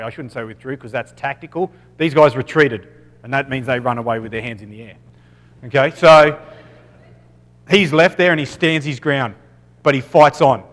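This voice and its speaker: A man's voice: on the high side, fairly bright tone. Australian man preaching in a reverberant hall. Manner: casual, many "okay"s, self-corrections. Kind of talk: Bible teaching talk.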